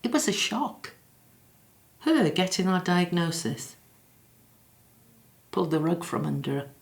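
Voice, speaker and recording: An actress voices a bereaved middle-aged woman from the South Wales valleys, speaking in a low register with a soft Welsh lilt. She is practical but tender, and her halting, reflective lines keep breaking into apology as tears come close. It plays like a quiet filmed drama monologue. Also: big pitch swings, vocal fry, exaggerated voice. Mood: sorrowful. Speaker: bereaved daughter interviewed in her office. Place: quiet office after hours.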